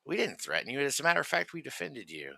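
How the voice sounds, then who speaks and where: Brief: angry commentary host, profane, mocking, very bright and sharp tone, dry close mic. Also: male voice, medium pitch, wildly swooping pitch, fast, creaky, no echo. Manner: profane, furious, mocking ranting.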